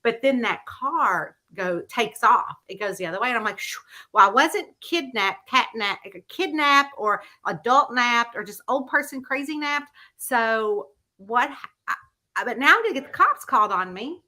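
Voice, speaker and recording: A woman's voice: on the high side, moderate pace. A woman, a mystery author chatting casually to her viewers and acting out the story she tells. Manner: animated storyteller who acts out the voices in her anecdotes. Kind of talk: casual chat vlog.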